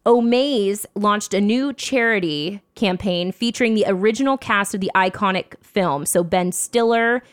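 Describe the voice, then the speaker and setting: A woman's voice: mid-range voice, normal speed, hardly any pauses, smooth, no echo, studio quality. A young woman co-hosting a casual podcast, chatty and laughing often as she reads out news items. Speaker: podcast co-host. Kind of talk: casual chat.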